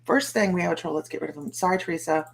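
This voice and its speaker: A woman's voice: fairly low pitch, rapid-fire, gravelly. A middle-aged American woman hosting a psychic livestream, chatting in a rambling way and greeting viewers by name. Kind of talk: casual livestream chat.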